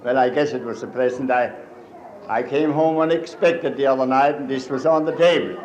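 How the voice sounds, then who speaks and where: A Pennsylvania Dutch-accented comedian does a live stand-up set of folksy jokes and dry one-liners on stage, speaking at medium pitch and moderate pace in a slightly mellow voice. It's a lo-fi, old live recording from a roomy hall, with crowd noise and hiss.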